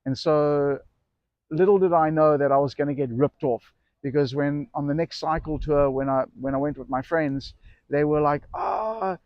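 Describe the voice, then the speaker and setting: A middle-aged man tells a personal story in a loose, meandering way, restarting sentences and acting out what people said. His voice sits a little high, and it sounds close and dry, with a slightly muffled, dull tone. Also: steady tone, normal speed, no echo. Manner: rambling, self-correcting anecdote with acted quotes. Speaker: e-bike shop owner. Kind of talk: casual storytelling to camera.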